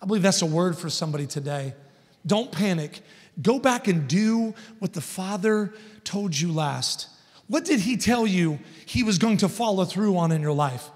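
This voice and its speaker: A man in his thirties preaching a sermon as a guest speaker, telling a family story and building to loud, emphatic points. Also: high voice, normal speed. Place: large church hall. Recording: long church hall reverb.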